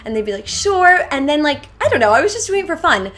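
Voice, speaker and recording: Young woman vlogging a storytime from her bedroom, says "like" constantly, kinda high voice, faint music behind. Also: big pitch swings, racing, a bit bright. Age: young adult. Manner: chatty, filler-heavy, lots of "like". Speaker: YouTuber. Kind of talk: casual storytime vlog.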